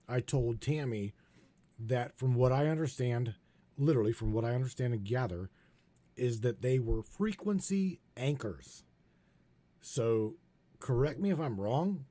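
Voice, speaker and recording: A man hosting a live stream in casual chat, talking in a hesitant, halting way with frequent restarts. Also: medium pitch, dark tone, dry recording.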